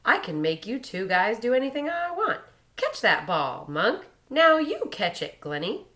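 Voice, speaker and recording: A woman voicing a young boy who gleefully taunts his friends in a loud, sing-song, mocking way. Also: a little high, big pitch swings, a little slow, pitched above the performer's own voice, full character voice. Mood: gleeful taunting.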